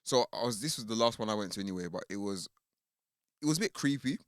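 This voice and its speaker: Young man, low voice, animated storytelling. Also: fast talker, dry recording, clean studio sound. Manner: animated storytelling with frequent fillers and laughs. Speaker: podcast co-host. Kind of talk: casual chat.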